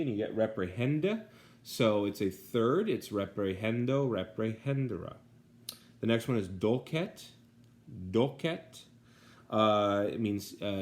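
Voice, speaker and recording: Low-voiced man teaching Latin vocabulary. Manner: patient, repeats each word twice, many fillers. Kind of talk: vocabulary lesson.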